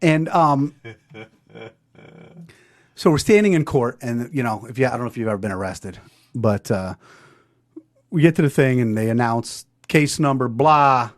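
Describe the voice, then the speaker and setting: A man hosting a podcast, telling a story in a lively, profane way and putting on voices. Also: medium pitch, moderate pace, long pauses. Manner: animated storyteller doing voices, swears freely. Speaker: podcast host. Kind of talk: storytelling chat.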